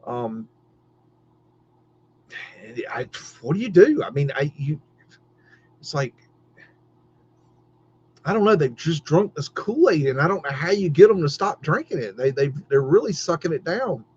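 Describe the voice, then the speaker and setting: A man's voice: a little high, sing-song, unhurried, long pauses, darkish tone, slightly rough. A middle-aged man hosting a livestream, ranting heatedly with lots of swearing and stammered restarts. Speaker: podcast host. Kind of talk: livestream rant. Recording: dull lo-fi stream audio.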